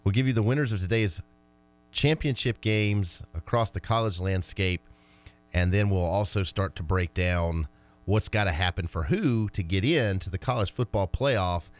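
A man co-hosting a casual sports talk show, answering fast and laughing off his partner's jabs. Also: low voice, soft background music. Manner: quick, laughing, defensive comebacks. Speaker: sports radio co-host.

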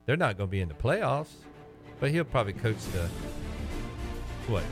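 A man co-hosting a casual sports talk show, ranting and teasing his co-host with big swings in pitch and volume. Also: normal speed, music in the background. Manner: teasing, animated, loud rants.

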